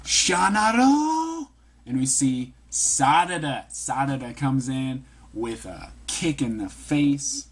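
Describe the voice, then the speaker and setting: A man reading a manga chapter aloud and commenting on it in a casual, animated way. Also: medium pitch, breathy edge. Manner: reads every character's lines himself in an animated voice, adds quick asides.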